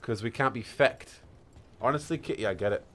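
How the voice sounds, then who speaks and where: A man's voice: medium pitch, fairly quick, fairly bright tone, a little hiss or hum. A British man streaming a game, chatting playfully and answering his chat as he goes. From Britain. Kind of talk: casual chat while gaming.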